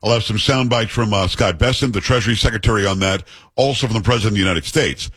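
A man's voice: fairly low pitch, quick pace, a bit bright, breathy edge, no room sound. A middle-aged man hosting a talk show, chatting casually with a joking, teasing manner. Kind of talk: casual talk radio monologue and banter.

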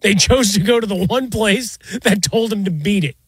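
A man with a high voice co-hosts casual sports banter. He needles his partner with wry teasing. The recording is dry and close. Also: moderate pace, breathy edge, dry recording. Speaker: sports radio co-host.

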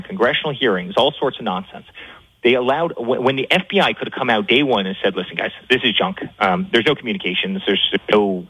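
Fast-talking husky man on lo-fi audio. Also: lowish voice, a bit bright. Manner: rapid, repeats words, many fillers, rising indignation. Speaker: guest. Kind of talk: fast talk-show interview.

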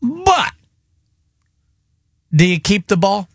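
A man's voice: high voice, big pitch swings, extremely slow, vocal fry, breathy edge, dry recording, clean studio sound. A man hosting a radio show, talking sports in a casual, joking, rambling way.

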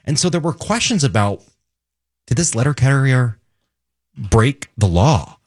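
On a dry recording made with a studio microphone in a radio studio, a man with a medium-pitched voice talks a little slowly. Co-hosting a casual radio show, he reads breaking news off the wires and jokes lively about local stories.

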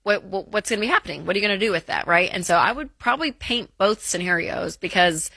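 A woman's voice: mid-range voice, fast talker, vocal fry, bright, forceful tone, breathy edge, dry recording. A woman co-hosting a call-in advice show, chatty and reassuring, with plenty of fillers. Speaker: radio call-in show co-host. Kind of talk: casual advice chat.

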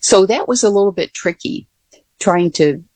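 A woman's voice: mid-range voice, lively intonation, normal speed, a little mellow, no echo. An older woman, a former Air Force pilot, telling stories in a casual interview with many fillers and restarts.

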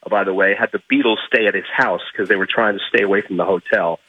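A man from Miami, a guest in an interview, telling anecdotes in an animated way and restarting his phrases. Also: on the low side, fast talker, breathy edge, no room sound, muffled recording. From Miami, United States. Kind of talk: storytelling interview.

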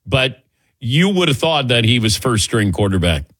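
A man's voice: mid-range voice, big pitch swings, normal speed, fairly bright tone, husky, no room sound. A male sports talk host with a dry, close sound and a mid-range voice. He rambles casually, restarting sentences as he works toward a point.

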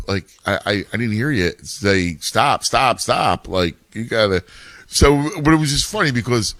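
A man's voice: fairly low pitch, lively intonation, a little slow, fairly bright tone, dry recording. A middle-aged man, a youth baseball coach and parent, talking in casual chat, rambling with many restarts.

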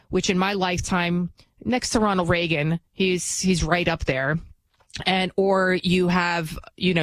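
Lady talk show host ranting into a dry close mic, chatty and animated. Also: on the low side, no room sound. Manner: animated storytelling, acts out quoted voices. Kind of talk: opinionated radio monologue.

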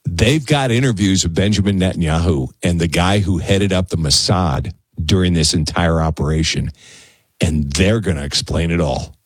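Husky-voiced male radio host, dry studio sound. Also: low-pitched, normal speed, dry recording. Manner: conversational, stammers and repeats words when excited. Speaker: radio talk show host. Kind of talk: casual talk radio monologue. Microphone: studio broadcast mic.

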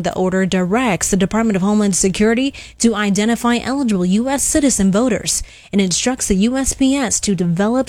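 A woman reading local and national news headlines on the radio in an even, crisp delivery. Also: mid-range voice, dry recording. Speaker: news anchor.

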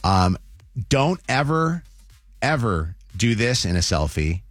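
A man's voice: on the low side, very animated, takes it slowly, no room sound, soft background music. A man hosting a morning radio show, teasing upcoming segments in casual chat. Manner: promo-style teasers, laughs often.

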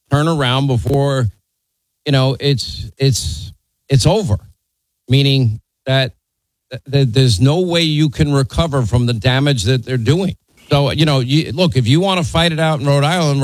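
A man's voice: medium pitch, dry recording, rough recording. A man hosting a talk radio show and taking calls, blunt, opinionated and teasing, from New York.

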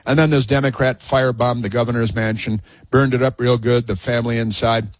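A man's voice: mid-range voice, little pitch movement, fairly quick, dry recording. A man hosting a talk radio show, delivering sarcastic, mocking commentary that rambles with frequent fillers.

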